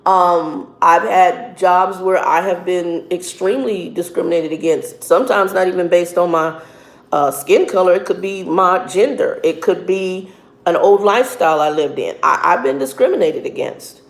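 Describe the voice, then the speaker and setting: A woman truck driver and minister giving casual, earnest advice, often halting and repeating words as she talks. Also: fairly low pitch, creaky. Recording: echoey room.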